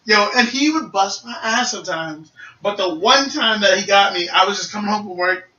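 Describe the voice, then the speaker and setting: Animated bright-voiced young man telling stories. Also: high-pitched, moderate pace, dull audio. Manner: animated storyteller, acts out voices and shouts. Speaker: podcast co-host. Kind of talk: casual gaming podcast chat. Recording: echoey room, mic at a distance.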